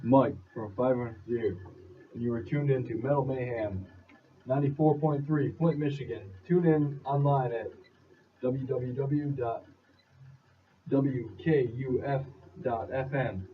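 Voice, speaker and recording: A man's voice: medium pitch, fairly even intonation, unhurried. A man in a band, bluntly teasing his bandmates between takes of a radio station ID. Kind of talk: casual banter between takes. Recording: distant, dull lo-fi recording with faint noise.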